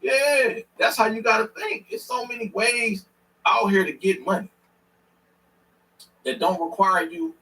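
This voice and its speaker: A man's voice: high voice, lively intonation, unhurried, pauses often, bright, forceful tone, far from the mic, low-quality recording. A man hosting a stream, giving blunt, slangy reaction commentary and repeating himself for emphasis. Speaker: stream host reacting to a clip.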